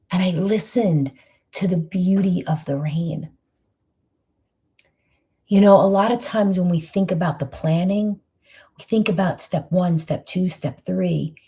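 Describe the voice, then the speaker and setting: Soft-spoken woman in her fifties, husky and low. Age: 50s. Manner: soft, intimate, often near a whisper. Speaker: host giving a monthly inspirational message. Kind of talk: reflective motivational talk.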